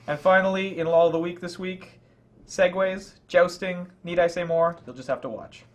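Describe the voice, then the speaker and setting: Young guy cohost, dry jokes, kinda high voice. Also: fairly even intonation, moderate pace. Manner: wry, dry humor. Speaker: co-host. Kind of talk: casual chat.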